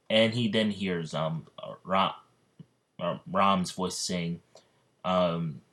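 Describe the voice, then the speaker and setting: Casting: casual male storyteller, deep voice, rambling delivery. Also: steady tone, drawn-out words, pauses often, fairly bright tone. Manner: rambling, full of fillers and restarts. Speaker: fan story narrator. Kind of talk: casual fan story narration.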